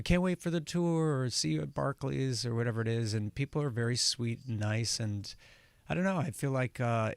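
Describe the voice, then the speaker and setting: A man as a guest on a morning radio show, chatting in a relaxed, rambling way with lots of restarts. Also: fairly low pitch, gravelly, no echo. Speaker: guest musician and actor. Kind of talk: casual radio interview chat. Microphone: studio microphone, dry.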